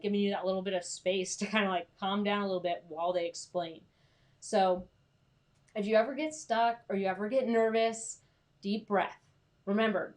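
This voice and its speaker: A young woman coaching freelance writers in a casual, chatty live stream, reassuring and full of fillers. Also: mid-range voice.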